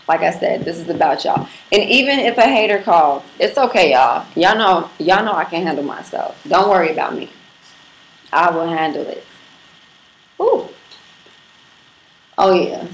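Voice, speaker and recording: A woman from Brooklyn hosting a casual livestream, brash and profane, talking straight to her viewers. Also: on the low side. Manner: brash, profane, playful, addresses viewers directly. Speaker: livestream host. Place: apartment room in Brooklyn. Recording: echoey room with faint background noise.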